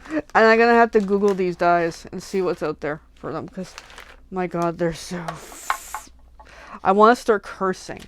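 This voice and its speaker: A woman crafter chatting casually while making cards, gushing with excitement and slipping into whispers over cute things. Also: on the low side, measured pace, a little hiss or hum. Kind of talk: casual crafting livestream chat.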